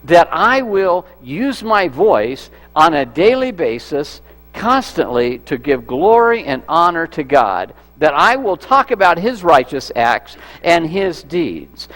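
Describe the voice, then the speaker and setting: A man's voice: on the high side, a bit bright. A man preaching a sermon as pastor, conversational, repeating words and asking the congregation questions. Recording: echoey hall with mains hum.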